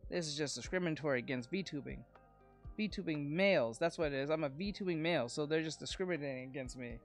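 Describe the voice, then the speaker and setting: On this live stream the male VTuber draws and chats quickly in a voice on the high side. He mocks himself with sarcastic jokes, laughing frequently over soft background music.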